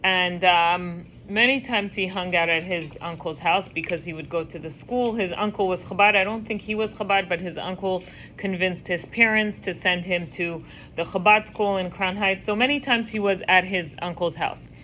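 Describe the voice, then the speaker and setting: A woman teaching a class, telling a story in a lively, chatty way and acting out the voices. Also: lowish voice, normal speed, slight background noise. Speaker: teacher leading a women's class. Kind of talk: casual storytelling lesson.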